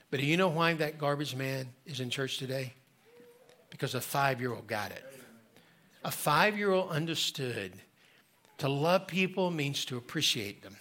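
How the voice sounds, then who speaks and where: A male pastor preaching a sermon in a church, telling a story with slow, drawn-out emphasis. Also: on the high side, pushed and bright. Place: church sanctuary.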